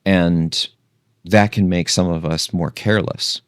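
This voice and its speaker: A man hosting a casual long-form talk, meandering and thinking out loud, sometimes losing his thread. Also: low-pitched, steady tone, a little slow, smooth, no echo, studio quality. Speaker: host.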